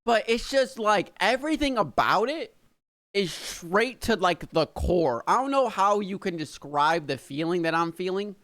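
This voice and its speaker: An American man hosting a reaction video, casually chatting in an excitable, rambling way with plenty of swearing. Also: high voice, a little slow, no room sound, clean studio sound. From United States.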